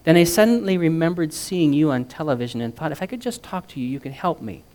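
A man's voice: fairly high pitch, animated, quick pace, a little mellow, voice pushed up, close to an everyday voice. Desperate woman caller, read by a man: raised, pleading tone.

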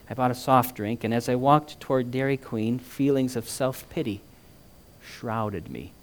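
Man, mid-pitched voice, storyteller, animated reading, acts out dialogue, chatty asides. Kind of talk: reading a first-person story aloud with asides.

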